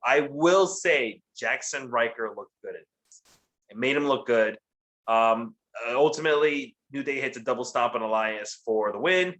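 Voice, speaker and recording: A man's voice: medium pitch, moderate pace, fairly bright tone. A man co-hosting a casual wrestling recap show, profane and mocking, laughing often and doing sarcastic impressions. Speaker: podcast co-host.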